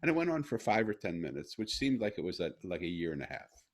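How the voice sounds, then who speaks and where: A man's voice: deep voice, fast talker. A middle-aged man in an earnest casual conversation, telling a personal story. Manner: earnest, animated when retelling. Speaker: guest.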